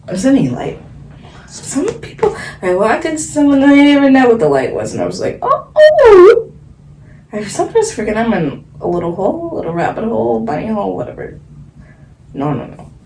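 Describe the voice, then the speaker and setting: Dreamy, rambling woman with lively pitch. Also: slight background noise, rough recording. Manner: rambling, dreamy, giggly, drifting between topics. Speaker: spiritual channeler vlogger. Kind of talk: late-night stream-of-consciousness channeling.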